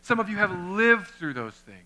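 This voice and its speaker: A man, a pastor, preaching a lively sermon, talking straight to his congregation and acting out little scenes. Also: sits high, normal speed. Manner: conversational, addresses the congregation directly; animated, acts out little scenes.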